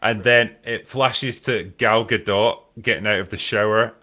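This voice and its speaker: A man's voice: on the low side, fairly even intonation, unhurried, sharp tone. A Scottish man hosting a podcast, reading out viewer questions in a laid-back, casual way and swearing freely. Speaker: podcast host.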